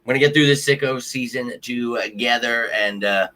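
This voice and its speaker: A man's voice: on the low side, steady tone, normal speed, few pauses, bright, forceful tone. A man hosting a sports livestream, talking casually to his viewers, frustrated and ranting with some cursing. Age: adult with a child. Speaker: sports show host.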